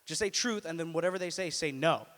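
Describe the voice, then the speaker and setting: A man's voice: fairly high pitch, fast talker, a bit bright. A man in his twenties doing stand-up at an open mic, offhand and profane with lots of filler words. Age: 20s. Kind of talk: stand-up comedy. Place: small indoor student venue. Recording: live room with long reverb.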